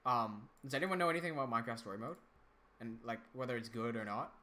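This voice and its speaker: A man's voice: medium pitch, quick pace, noisy background. A young man hosting a casual livestream, chatting loosely, reading out viewer comments and restarting his sentences often. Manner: chatty, reads out chat comments, frequent restarts. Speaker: livestream host and animator.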